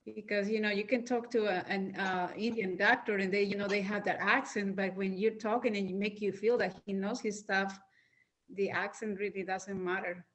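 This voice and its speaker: A woman's voice: mid-range voice, fairly even intonation, normal speed. A woman who learned English later, speaking hesitantly on a video call and searching for words. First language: not English. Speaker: call participant.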